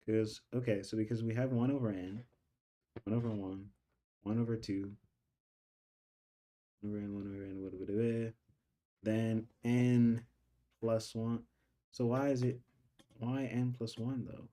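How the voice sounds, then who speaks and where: Dark-voiced young man puzzling aloud. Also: lowish voice, level tone, a little slow, long pauses. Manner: puzzled, thinking aloud, repeating questions. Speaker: student studying calculus on stream. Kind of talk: casual study stream.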